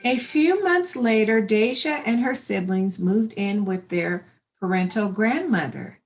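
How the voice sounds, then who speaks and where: A woman reading a children's picture book aloud in a slow, encouraging way. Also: medium pitch, expressive. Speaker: storybook reader. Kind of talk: children's story read-aloud.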